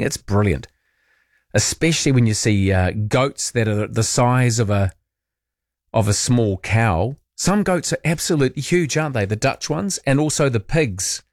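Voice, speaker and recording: A man's voice: fairly low pitch, dry recording, clean studio sound. A man hosting late-night talkback radio, chatting and reading out listener texts. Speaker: overnight radio host.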